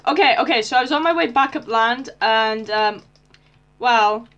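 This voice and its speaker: A teenage girl giving casual, excitable commentary on her Minecraft gameplay, often squealing and shouting with delight. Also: fairly high pitch, moderate pace, dull audio. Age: teens. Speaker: Minecraft YouTuber.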